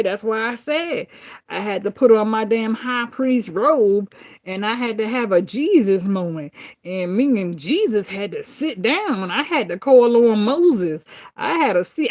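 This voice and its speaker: A woman tarot reader chatting casually with viewers, brash and profane, laughing often. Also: on the high side.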